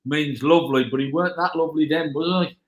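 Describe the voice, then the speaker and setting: A man watching football live with friends, animated and urging his team on. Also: a little high, fast, reverberant.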